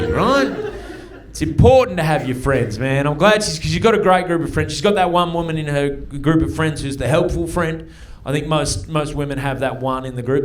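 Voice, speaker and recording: A man's voice: a little high, fairly quick. An Australian man doing a stand-up set in a comedy club, brash and conversational, swearing freely. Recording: live audience laughter.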